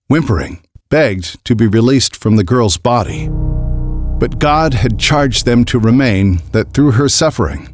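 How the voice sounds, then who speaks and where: A man narrating a scripted story in a grave, measured way. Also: fairly low pitch.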